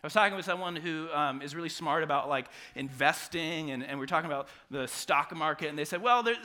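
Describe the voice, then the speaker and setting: A man preaching a sermon, moving from hushed, quiet passages to loud, animated retellings. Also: fairly high pitch, fairly quick. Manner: dynamic preaching, drops to soft quiet passages and rises to loud acted quotes. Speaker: pastor.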